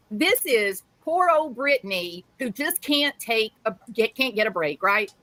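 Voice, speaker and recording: A woman's voice: fairly high pitch, pushed and bright, dry recording, rough recording. A woman live streaming, ranting angrily and sarcastically at someone she criticizes. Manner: scolding, sarcastic. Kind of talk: angry ranting commentary.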